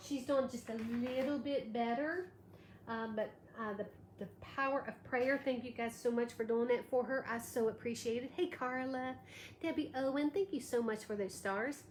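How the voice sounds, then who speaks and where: This woman hosts a live craft tutorial, demonstrating as she thanks viewers by name, though she's a bit tired and has allergies. She speaks at normal speed in a voice on the high side. Faint background noise and echo fill the room.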